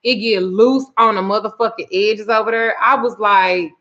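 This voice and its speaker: A woman in a casual livestream chat tells a story, cursing constantly and sounding exasperated. Her voice is mid-pitched and animated, and she breaks off to thank viewers by name. The audio is a little dull and muffled. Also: moderate pace. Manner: reads viewer names aloud. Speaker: spiritual reader and root worker.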